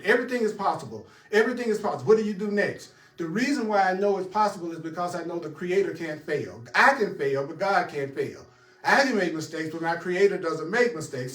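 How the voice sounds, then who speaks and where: A man with a notably high voice leads a spiritual teaching session. He speaks emphatically and laughs often as he addresses his listeners directly. The sound is roomy and echoey. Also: recorded from a distance. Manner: emphatic, laughing, talks straight to the audience. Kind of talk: teaching a class.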